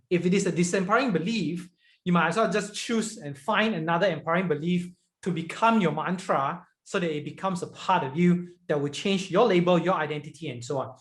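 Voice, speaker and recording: A podcast host asking questions in an earnest, repetitive way and often tagging lines with "right?". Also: mid-range voice. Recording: roomy echo.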